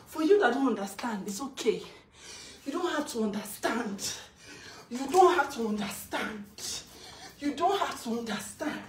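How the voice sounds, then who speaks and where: A woman's voice: sits high, expressive, normal speed. A Nigerian woman and mother giving an emotional live-video testimony, chanting repeated exclamations mixed with laughter. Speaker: mother addressing her followers. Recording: roomy, far from the mic, faint hiss.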